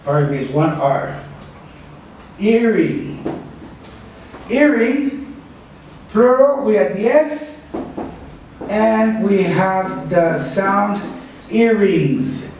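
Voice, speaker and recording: A man teaching a pronunciation lesson, speaking slowly and carefully and repeating each word for practice. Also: high-pitched, lively intonation, a little mellow, slight background noise. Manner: slow, careful, repeats words for drilling. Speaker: English teacher. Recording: echoey room, mic at a distance.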